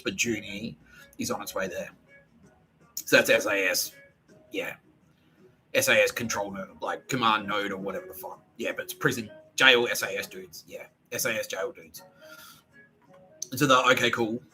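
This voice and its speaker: A man's voice: fairly low pitch, bright, forceful tone, rough recording. A man podcasting alone in a rambling, profane monologue that often restarts its sentences.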